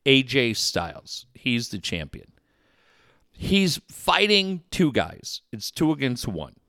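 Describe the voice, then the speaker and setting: A middle-aged man hosting a sports talk radio show, telling a rambling, animated story with many restarts. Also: medium pitch, takes it slowly, no room sound, clean studio sound. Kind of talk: casual talk radio chat.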